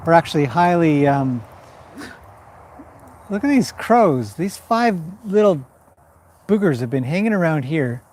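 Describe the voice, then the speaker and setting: A man's voice: a little high, very animated, a little slow, pauses often, a little mellow. A man from western Canada hosting a casual outdoor livestream, rambling between updates and reading viewer comments aloud. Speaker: livestream host. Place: outdoors by a fire at a horse farm.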